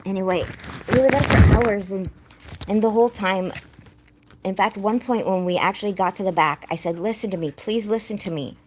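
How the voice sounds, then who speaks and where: A woman's voice: medium pitch, moderate pace, darkish tone, a little hiss or hum. A young woman vlogger telling a distressing personal story to her viewers in a rambling, upset way, close to tears. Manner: distressed, rambling, breaks off to scold her dog.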